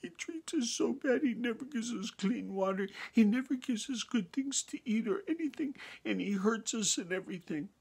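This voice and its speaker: A man voicing a sad, dirty young lamb in a high, tearful, whimpering voice for a bedtime story. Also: lively intonation, normal speed, gravelly, few pauses, a little mellow, slightly rough, exaggerated voice.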